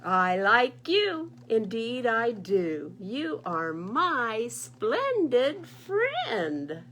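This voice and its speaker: A woman voicing an eager, chatty male goose in a picture-book read-aloud, with a loud questioning lilt. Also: sits high, huge pitch swings, measured pace, voice pushed up, exaggerated voice. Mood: fond.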